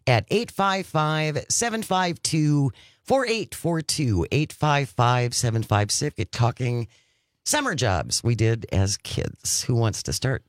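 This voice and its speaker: A man's voice: medium pitch, expressive, dry recording. A man hosting a morning talk radio show from a studio, upbeat and announcer-like. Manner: upbeat, announcer-like, reads out numbers slowly. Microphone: studio microphone.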